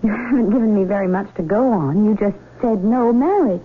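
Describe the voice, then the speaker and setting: An actress in a 1970s radio drama playing a spirited young woman engaged to the doctor, chatty and quick to answer back. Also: mid-range voice, animated, slightly rough. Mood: hurt. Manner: chatty and bright, turning hurt and sharp. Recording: tinny narrow broadcast with faint hiss.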